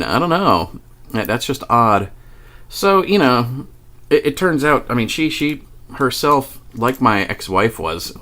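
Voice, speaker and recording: A man's voice: lowish voice, fairly bright tone. Man, vlogger, rambling, profane, stumbling restarts, casual storytelling. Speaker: video blogger.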